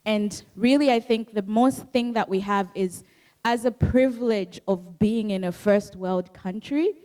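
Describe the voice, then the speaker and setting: A woman's voice: mid-range voice, a little slow, a little mellow. A woman from Zambia, an author answering a book club question in a reflective, earnest way. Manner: reflective, earnest, quotes others in livelier voice. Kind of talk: thoughtful conversational answer.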